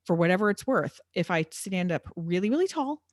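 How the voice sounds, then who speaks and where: A woman's voice: on the low side, big pitch swings, brisk, a little mellow, dry recording, clean studio sound. A woman, a fitness instructor talking candidly as a podcast guest, laughing often and stumbling over her words. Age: 40s. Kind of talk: casual podcast interview.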